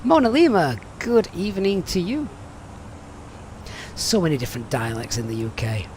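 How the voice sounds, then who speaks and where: A man's voice: sits high, sing-song, normal speed, noisy background. A man with a Yorkshire accent chatting and joking with viewers while flying a simulator on a live stream. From Sheffield, England. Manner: chatty, jokey, reads out viewer messages. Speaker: flight sim streamer.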